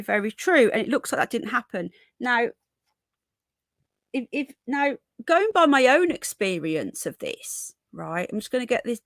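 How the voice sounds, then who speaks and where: A woman's voice: mid-range voice, dry recording, clean studio sound. A middle-aged woman from England hosts a live stream, chatting with viewers by name, often restarting and repeating words. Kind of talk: live stream commentary, reading chat.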